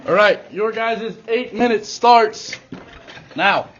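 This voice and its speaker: Male teacher, high voice, firm instructions, stretched key words, dull classroom recording. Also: slow, noisy background.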